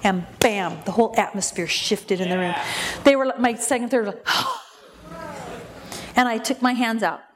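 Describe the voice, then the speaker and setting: A woman minister telling a story in a lively, humorous way and acting out the voices of the people in it. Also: on the high side, fairly quick. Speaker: inner healing minister. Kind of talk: storytelling talk.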